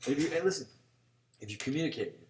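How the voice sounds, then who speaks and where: Fast-talking profane man. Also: fairly high pitch, animated. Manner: rambling storyteller, profane, quotes people in dialogue. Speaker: podcast co-host. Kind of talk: casual chat. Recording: roomy echo, mic set back, faint noise.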